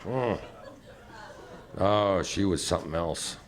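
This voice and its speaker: A man's voice: sits low, takes it slowly, crowd noise. A middle-aged man doing a wry, rambling stand-up comedy set on a comedy club stage. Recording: noisy live club recording.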